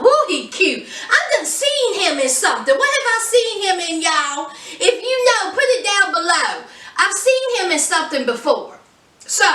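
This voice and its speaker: An animated woman recaps a TV episode in casual vlog style and talks straight to her viewers. Her voice is high and bright. She sits back from the mic in a roomy, echoey space. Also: recorded from a distance. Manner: animated, chatty, addresses viewers directly. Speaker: TV show reviewer.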